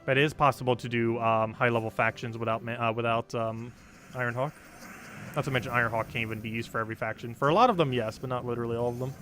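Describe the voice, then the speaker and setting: A man's voice: mid-range voice, fairly even intonation, fast, a bit bright, slight background noise. A young man casually chatting on a game live stream, answering chat and rambling through strategy tips with lots of ums and likes. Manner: rambling, explains game strategy with many fillers.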